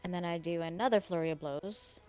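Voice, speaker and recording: A woman's voice: lowish voice, fairly quick, fairly bright tone, clear, resonant tone, faint music behind. A woman playing a tabletop game, talking casually and asking about the rules as she plays. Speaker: player.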